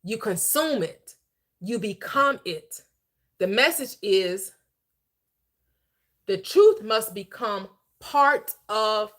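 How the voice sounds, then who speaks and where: A woman hosting a livestreamed Bible teaching, preaching in an emphatic, conversational way, slowing down to stress key phrases and chatting with viewers in between. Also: mid-range voice, bright, forceful tone. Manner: chatty asides to viewers, quick laughs.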